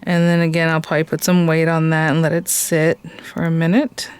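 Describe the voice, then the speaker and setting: A woman's voice: sits low, completely flat delivery, brisk, darkish tone, clear, resonant tone. A woman hosting a casual crafting tutorial, chatting and thinking aloud as she works and gushing over cute details. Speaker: crafting channel host.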